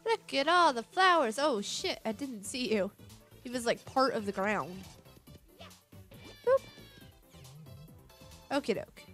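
A woman's voice: a little high, expressive, normal speed, fairly bright tone, soft background music. A young woman casually commenting as she plays a video game, offhand and chatty. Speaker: gaming video creator. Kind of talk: casual let's-play commentary.

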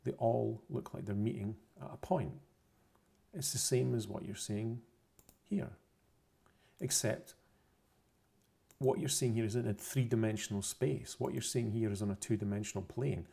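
A man's voice: on the low side, steady tone, moderate pace, vocal fry, long pauses, mellow, slightly rough. A man explaining a science topic over pictures, unscripted, methodical and repetitive, often correcting himself mid-phrase. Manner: methodical, repeats points, self-corrections.

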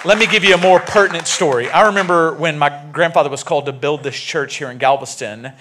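A male pastor preaching a sermon in a church, animated and joking as he tells stories. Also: on the high side, quick pace, background noise. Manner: animated, jokey storytelling preaching. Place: church sanctuary.

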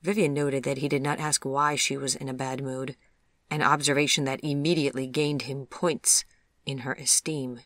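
A gentle, measured audiobook narrator reading a storybook tale at a middle pitch. The delivery is even and unhurried, recorded close and dry. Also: no room sound.

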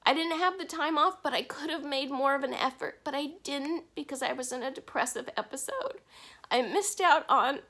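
A woman talking candidly to camera in a personal confessional vlog, halting at times with restarts and soft breaks. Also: sits high. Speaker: vlogger.

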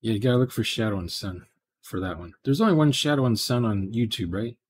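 A man's voice: fairly low pitch, fairly quick, slightly rough. A man, casually chatting with viewers during a live programming stream, rambling and thinking aloud.

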